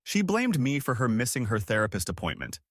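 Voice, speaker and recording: Male narrator for a story read-out, wry delivery, animated pitch, dry close sound. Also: a little fast, no room sound. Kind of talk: scripted narration of reader stories.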